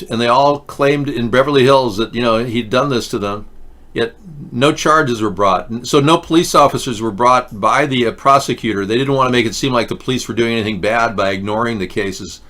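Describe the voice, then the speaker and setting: A man's voice: mid-range voice, fairly bright tone. Male host with a mid-range voice who talks casually and rambles through jokey asides. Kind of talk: casual commentary monologue.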